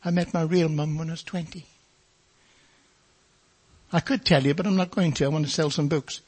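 A man's voice: on the high side, fairly even intonation, normal speed, darkish tone, breathy edge. An older man preaching and telling his life story in a folksy storytelling manner, acting out other people's voices. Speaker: preacher giving his testimony. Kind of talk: testimony sermon.

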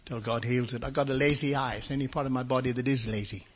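Older male preacher, husky, folksy testimony storyteller. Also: mid-range voice, fairly even intonation, quick pace. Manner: storytelling, folksy, acts out voices of others. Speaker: preacher giving his testimony. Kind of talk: testimony sermon.

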